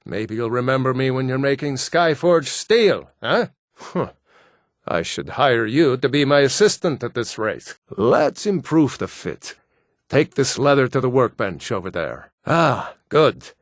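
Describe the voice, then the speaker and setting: An actor voicing assorted gruff adult Nord men in a fantasy video game, blunt and plain-spoken. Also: male voice, mid-range voice, big pitch swings, unhurried, no echo, studio quality. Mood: matter-of-fact. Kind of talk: game voice lines.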